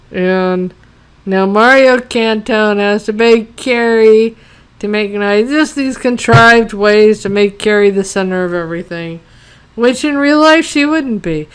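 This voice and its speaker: A woman's voice: a little high, smooth. Exasperated, profane woman ranting. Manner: rambling, with many fillers. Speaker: TV episode reviewer. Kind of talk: casual ranting review.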